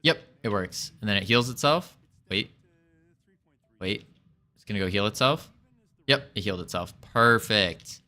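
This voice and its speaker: A man's fairly low voice is expressive and sharp in tone, unhurried, with frequent pauses. He mutters over code during a game dev live stream, cracking self-deprecating jokes in easygoing live coding commentary.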